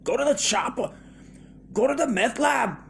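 A man putting on a shouted, over-the-top muscleman action-star impression in a mock promo, with an accent he himself calls Irish. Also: very high voice, expressive, normal speed, gravelly, slight background noise, pitched above the performer's own voice, exaggerated voice. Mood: booming mock promo.

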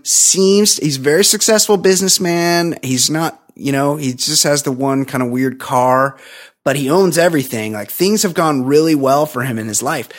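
A man co-hosting a podcast, recapping a film in a crude, joking, animated way and slipping into quoted voices. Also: medium pitch. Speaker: podcast co-host. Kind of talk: casual movie recap chat.

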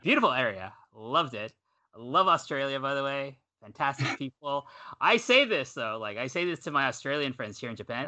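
A man's voice: mid-range voice, brisk. A Canadian man co-hosting a podcast, chatting casually and rambling off on tangents. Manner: rambling, animated, self-correcting. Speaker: podcast co-host.

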